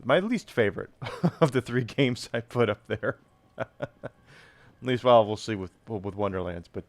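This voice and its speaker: A man's voice: fairly low pitch, unhurried, no room sound. A man streaming a video game, chatting casually and rambling to his viewers as he plays. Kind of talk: casual live-stream chat while playing.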